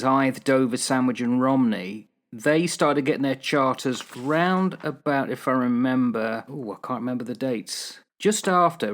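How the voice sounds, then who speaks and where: An older man, co-hosting a casual history chat in a chatty, jokey way. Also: mid-range voice. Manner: chatty, jokey, laughs often. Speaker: podcast co-host.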